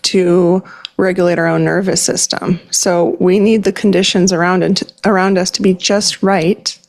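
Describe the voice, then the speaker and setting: A woman's voice: fairly low pitch, level tone, moderate pace, gravelly. A woman hosting a conversational interview, reflective and thinking aloud with frequent fillers. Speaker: podcast host.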